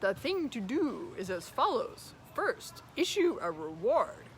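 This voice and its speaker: A woman's voice: on the high side, big pitch swings, slow pace, a little hiss or hum. A woman voicing a wise old owl who is fond of long words, pompous and long-winded in a storybook reading.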